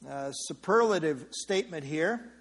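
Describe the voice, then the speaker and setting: A man's voice: fairly high pitch, expressive, unhurried, slightly rough. Man teaching a Bible passage. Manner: explanatory, repeats key phrases, frequent "uh" fillers. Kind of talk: verse-by-verse sermon teaching.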